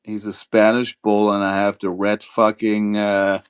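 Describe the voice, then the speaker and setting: A man's voice: on the low side, monotone, a little slow, clean tone. Joking, profane male stream host. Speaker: livestream host. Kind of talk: casual call-in stream chat.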